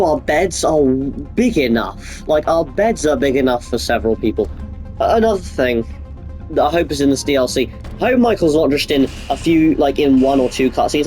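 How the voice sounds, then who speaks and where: A man's voice: fairly high pitch, darkish tone, rough recording. A young man with a cold, rambling and swearing casually as he comments over his gameplay. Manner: rambling, profane, offhand. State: sick. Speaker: gaming YouTuber.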